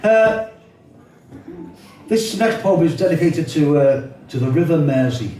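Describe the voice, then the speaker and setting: A man's voice: on the high side, animated, measured pace, distant mic, crowd noise, noisy background. An older man with a Liverpool accent reciting his own rhyming poems live, wry and rhythmic. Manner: rhythmic, wry delivery with spoken asides. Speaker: poet performing his own work. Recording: echoey hall, voice from off-mic.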